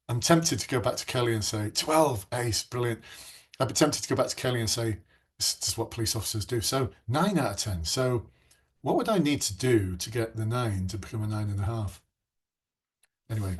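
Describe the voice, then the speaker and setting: Middle-aged male coach with a husky voice, casual and chatty, runs a live online class. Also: mid-range voice. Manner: chatty, reacts to viewer comments. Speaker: police recruitment coach.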